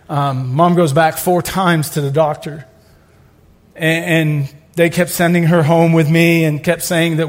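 A middle-aged male pastor with a fairly high voice preaches a sermon, weaving in stories and joking asides as he builds to loud exclamations.

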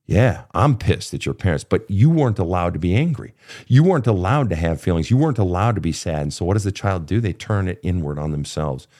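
A man's voice: sits low, animated, brisk, warm tone. A man in his fifties coaching a guest through childhood pain in a blunt, profane, impassioned way. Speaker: therapist host. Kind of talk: emotional coaching session.

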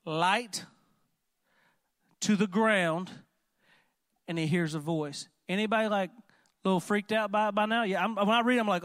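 A man preaching a sermon in an animated, conversational way, often asking the congregation questions. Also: high-pitched, measured pace, long pauses, no room sound, studio quality. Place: church.

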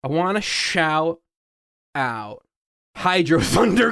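A young adult man co-hosting a podcast, excitable and laughing, swearing freely. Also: sits high, normal speed. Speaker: podcast co-host. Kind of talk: casual podcast banter.

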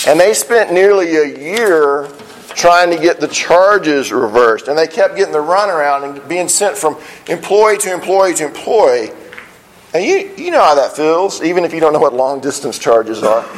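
A man preaching a sermon as pastor, earnest, often restarting phrases and slowing down on key lines. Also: fairly high pitch, lively intonation, slight background noise, rough recording. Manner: earnest, repeats words when starting phrases, slows on key lines.

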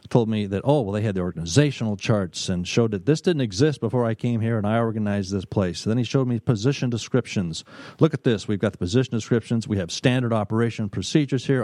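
A middle-aged man, a business consultant, telling stories in an emphatic talk, pausing often and repeating words. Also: mid-range voice, dark tone, dry recording. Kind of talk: storytelling talk.

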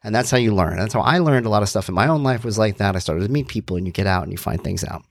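A man's voice: lowish voice, lively intonation, very fast, gravelly, dry recording, clean studio sound. A middle-aged man hosting a podcast, talking candidly in a rambling monologue with jokey asides. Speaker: podcast host.

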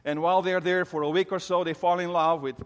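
A middle-aged man preaching, his voice sitting a little high for a man. He tells the story earnestly, often stumbling and restarting mid-phrase. His words ring out with a long reverb, as in a large hall. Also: level tone, fast, clean tone. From Romania. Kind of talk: sermon on a Bible story.

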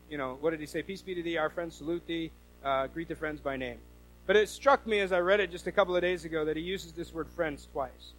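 A man from the US Northwest preaching a sermon, telling stories with lively quoted voices. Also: on the high side, quick pace, faint music behind, low-quality recording. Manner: animated storytelling with quoted voices. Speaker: pastor.

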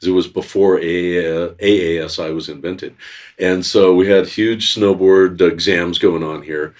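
Very deep-voiced man telling a story, distant mic. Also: fairly even intonation, unhurried, a little mellow. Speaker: snowboard instructor and exam host. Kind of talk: interview anecdote.

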